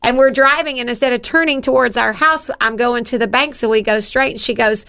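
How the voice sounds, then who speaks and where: A middle-aged woman hosting a conversational interview, chatty and lively as she shares her own stories. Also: on the high side, brisk, vocal fry, background noise. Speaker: host.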